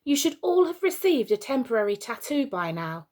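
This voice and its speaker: An earnest, determined young girl rallies her friends in a firm, steady voice, as a woman reading a storybook aloud voices her. Her voice stays close to an everyday speaking voice. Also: on the high side, normal speed, voice pushed up. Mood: urgent. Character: determined young girl leading other children.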